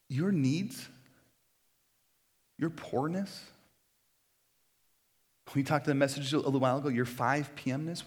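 A man preaching a sermon in a conversational, animated way, now and then acting out quoted voices. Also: mid-range voice. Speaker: pastor.

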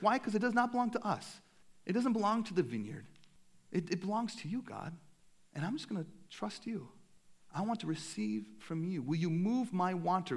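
A young man, a pastor, preaching a sermon in a casual, animated way with self-deprecating humor. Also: a little high.

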